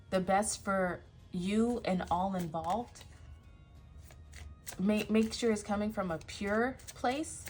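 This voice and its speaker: A woman giving a casual tarot reading, emphatic, often laughing and sighing. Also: medium pitch. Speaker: tarot reader.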